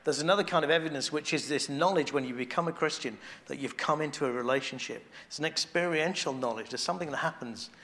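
A man with a slightly high voice preaches fast, barely pausing, in a conversational style. He keeps restarting phrases as he thinks out loud, growing hushed and intimate when he reaches devotional points.

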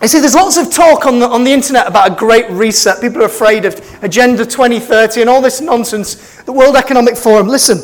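A man's voice: very high voice, fast, hardly any pauses. A middle-aged man, preaching a sermon as pastor with impassioned, building emphasis. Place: church.

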